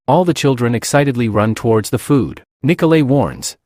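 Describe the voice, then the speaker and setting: Man, manga recap narration, lively pitch, dry close sound. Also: normal speed, few pauses, no room sound.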